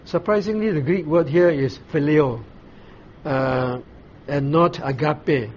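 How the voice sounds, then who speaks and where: A man preaching a Bible sermon in a fairly high voice, taking his time and stopping to ask the listeners questions. The recording sounds dull and a bit muffled, with a faint hiss underneath. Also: darkish tone. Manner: explains slowly, pauses often with "uh", asks the listeners questions. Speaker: pastor.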